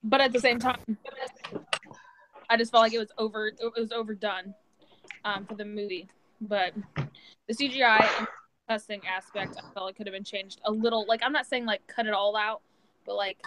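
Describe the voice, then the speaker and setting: A woman's voice: mid-range voice, fairly even intonation, moderate pace, pauses often, a bit bright, a little hiss or hum, rough recording. A young woman co-hosting a casual chat, blunt and profane, with many filler words. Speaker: podcast co-host.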